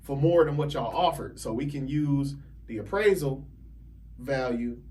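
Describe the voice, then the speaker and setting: A man telling a story on a podcast as a realtor guest, animated and laughing often as he acts out other people's lines. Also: mid-range voice, measured pace, recorded from a distance. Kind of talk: casual storytelling.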